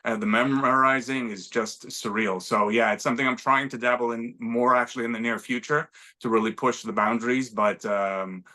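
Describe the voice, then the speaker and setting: A man's voice: mid-range voice, fairly even intonation, moderate pace, few pauses, sharp tone. A middle-aged man from Montreal, an actor chatting as an interview guest, self-deprecating and full of restarts. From Montreal, Canada. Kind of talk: casual interview conversation.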